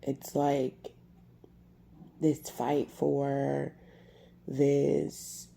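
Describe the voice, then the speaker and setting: A woman talking to camera in a personal confessional vlog, halting with lots of fillers and restarts, upset and irritated, a bit congested. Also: extremely low pitch, monotone, gravelly, dark tone, slight background noise. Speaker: vlogger.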